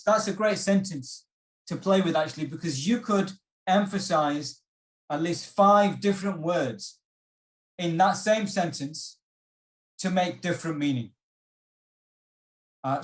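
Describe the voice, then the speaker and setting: An encouraging man teaching over a video call, his voice a bit higher than most men's. He repeats his instructions and fills pauses with ums. The sound bounces around an echoey room. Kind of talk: online workshop teaching.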